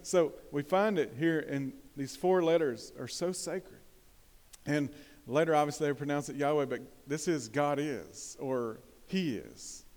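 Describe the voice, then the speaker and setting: A man preaches a sermon, talking easily and putting questions to his congregation. His voice sits at an everyday middle pitch. It rings with a long hall reverb, as from a church sanctuary. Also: a little mellow. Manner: conversational, asks the congregation questions, bursts of emphasis. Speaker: pastor.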